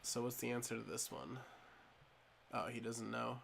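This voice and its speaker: A man's voice: mid-range voice, steady tone, normal speed, gravelly, a bit bright, slight background noise. Laid-back man commentating a game. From New Mexico. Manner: laid-back, joking, thinks aloud. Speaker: gameplay commentator. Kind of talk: casual gaming commentary.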